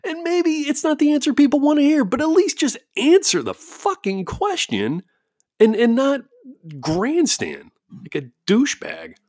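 Man, casual home monologue, profane, sarcastic, lively pitch swings, dry close sound. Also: unhurried, dry recording. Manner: animated, profane, sarcastic, frequent laughs. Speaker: parent with kids at home.

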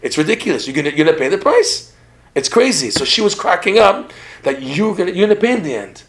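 Animated man teaching on a podcast. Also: high voice, quick pace. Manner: animated, repeats words, laughs while telling stories. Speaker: religious teacher. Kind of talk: podcast lecture in conversation.

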